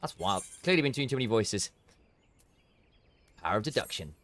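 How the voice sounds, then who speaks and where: A man's voice: medium pitch, very animated, normal speed, a bit bright. A man streaming a game, commenting casually and a little tired, thinking aloud and restarting his sentences. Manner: self-critical, thinking aloud, stumbling restarts.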